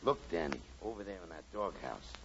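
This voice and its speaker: An actor playing a gruff, rowdy male street mutt who howls and barks, in 1940s radio comedy. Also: sits low, sing-song, brisk, full character voice. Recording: loud hiss, muffled 1940s radio recording.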